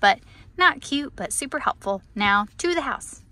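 A woman's voice: high voice, lively intonation, normal speed, sharp tone, a little hiss or hum, poor audio. A young woman chatting casually in a vlog about her small craft business, upbeat and full of fillers. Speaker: small business owner vlogging. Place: home craft studio and a fabric store.

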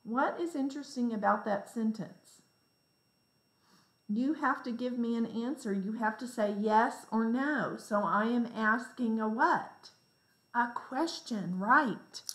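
A woman teacher giving a lesson to young children, reading example sentences slowly with exaggerated expression. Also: fairly high pitch, a bit bright, reverberant, low-quality recording. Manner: slow, clear, exaggerated reading for young kids.

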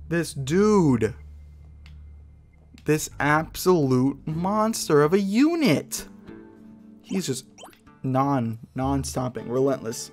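A young man giving casual let's play commentary, frustrated and swearing as he fights a hard boss, with loud outbursts. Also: fairly high pitch, very animated, drawn-out words, pauses often, faint music behind.

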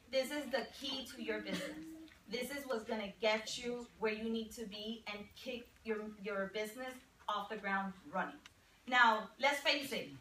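A woman in her thirties leading a motivational training session as a business coach, chatty and quick to laugh. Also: fairly high pitch, sharp tone. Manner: chatty storyteller, laughs often. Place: meeting room with a live audience. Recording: roomy, distant, faint background noise.

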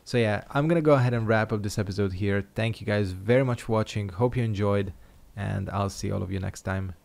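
Gravelly-voiced man swearing through gameplay. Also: fairly low pitch, a little fast, a little mellow. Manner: swearing, sarcastic, frustrated outbursts. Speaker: gaming YouTuber. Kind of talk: casual gameplay commentary.

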